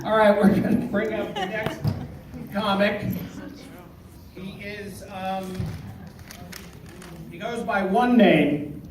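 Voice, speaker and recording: A man emceeing a comedy night, telling a joke and bringing up the next comic with slow, drawn-out introductions. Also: sits high, steady tone. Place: small comedy club stage. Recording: echoey room, distant mic, audible noise.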